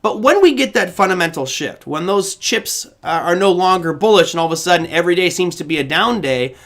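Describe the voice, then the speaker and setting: A man's voice: high-pitched, lively intonation, brisk, fairly bright tone. A man hosting a casual live trading show, talking in a chatty, loose way and often correcting himself. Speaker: host. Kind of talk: casual livestream talk.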